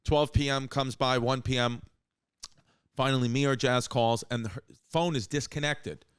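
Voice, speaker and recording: A man hosting a comedy podcast, telling stories in quick bursts with restarts. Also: medium pitch, clear, resonant tone, dry recording, clean studio sound. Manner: rapid storytelling with restarts and acted quotes. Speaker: podcast host. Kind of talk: casual comedic chat.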